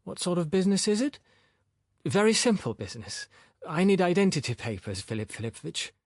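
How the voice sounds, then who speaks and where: A man's voice: high voice, big pitch swings, fairly quick, no echo, clean studio sound, voice pushed up, exaggerated voice. A male narrator voicing a boorish, insolent young man who talks back cockily and indignantly. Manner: cocky, indignant, sullen.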